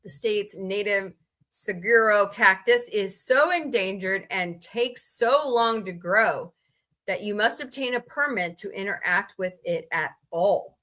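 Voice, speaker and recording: A woman's voice: medium pitch, measured pace, bright, forceful tone. A woman hosting a comedy livestream, reading odd laws aloud with sarcastic asides and greeting viewers in chat by name. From United States.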